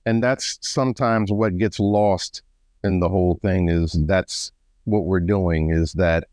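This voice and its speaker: Calm podcast guy, slow and smooth, dry sound. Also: deep voice, no echo. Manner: calm and slow, mostly brief agreement. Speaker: podcast co-host. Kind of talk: casual chat.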